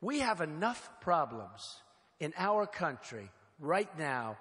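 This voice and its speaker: A man's voice: on the high side, sing-song, slow pace, a bit bright, breathy edge. An older man giving a campaign rally speech, emphatic and repetitive, speaking in short punchy phrases from a podium microphone in a large hall. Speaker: political candidate speaking at a rally. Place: large hall, crowd present. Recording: long hall reverb with faint noise.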